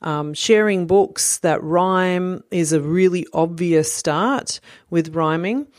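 Low-voiced woman explaining patiently. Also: slow pace, darkish tone, dry recording, clean studio sound. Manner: clear, patient explaining with many fillers. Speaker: parent educator. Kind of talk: instructional talk to parents.

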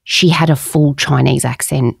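A woman co-hosting a podcast in casual chat, blunt and quick with frank asides. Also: very deep voice, steady tone, gravelly, breathy edge, no echo. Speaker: podcast co-host.

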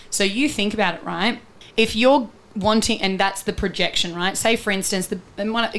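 Over slight background noise, a woman with a medium-pitched voice talks in an interview. She's a relationship coach, explaining her thinking earnestly and using everyday examples in a conversational exchange.

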